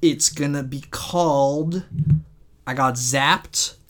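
Guy on a comedy podcast, deadpan and rambly, lots of ums. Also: mid-range voice, slow. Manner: rambling, deadpan storytelling with many fillers. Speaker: podcast host. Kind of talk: casual comedy podcast chat.

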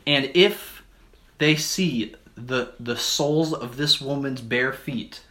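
A man's voice: medium pitch, slow pace, bright, forceful tone. A man co-hosting a comedy podcast, rambling through a made-up movie plot with slightly slurred speech, laughing and slipping into silly voices. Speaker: podcast co-host.

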